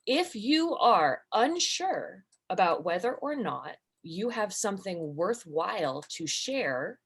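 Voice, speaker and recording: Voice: medium pitch, big pitch swings, slow, a bit bright, husky. A guest on a casual video call, sharing a lesson in a playful way and laughing easily. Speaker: community member sharing a lesson.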